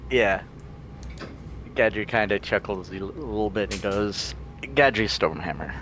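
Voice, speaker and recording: A man's voice: lowish voice, steady tone, a little slow, a bit bright, a little hiss or hum. A man playing a tabletop role-playing game, laid-back and chuckling often. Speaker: player.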